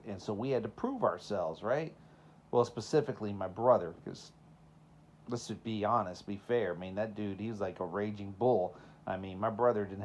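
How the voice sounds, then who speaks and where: A Texan man with a Southern accent preaches an informal sermon in a relaxed, conversational style, sharing personal stories and tossing rhetorical questions at his listeners. His voice sits low with a darkish tone, and there's slight background noise.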